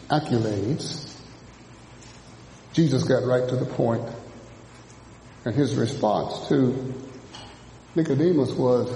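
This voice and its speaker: A man preaching a sermon, dropping low and then rising to shouts as he mimics churchgoers. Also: gravelly, slight background noise. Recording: echoey hall from a distance.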